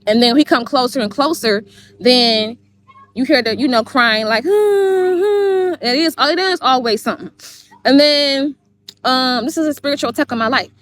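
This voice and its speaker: A woman's voice: sits high, normal speed, fairly bright tone, slight background noise. A woman on a livestream, telling a long story in a rambling way, cursing and repeating herself. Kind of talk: heated livestream monologue.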